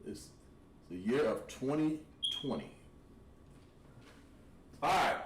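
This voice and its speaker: A man teaching a language class, thinking aloud and pausing while he writes on a board. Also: medium pitch, big pitch swings. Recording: echoey room, mic at a distance, faint noise.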